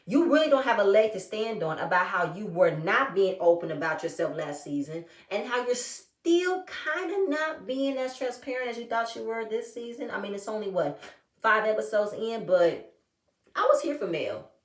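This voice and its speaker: A woman giving a sassy, animated recap of a reality show and acting out what the cast said. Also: medium pitch, moderate pace, distant mic. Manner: animated, sassy, acts out the cast's quotes. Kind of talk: casual recap chat. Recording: echoey room, a bit off-mic.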